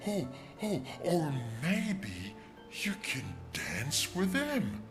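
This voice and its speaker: A woman's voice: low-pitched, wildly swooping pitch, drawn-out words, over music, heavily acted. A woman voicing a playful, upbeat young companion in a video game, cheerful and teasing.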